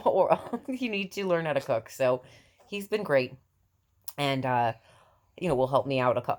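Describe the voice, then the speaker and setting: A woman in her thirties with a low, deep voice, chatting in a relaxed vlog. She rambles through her tips with plenty of fillers and easy laughter. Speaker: mother giving healthy-eating tips. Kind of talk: casual vlog chat.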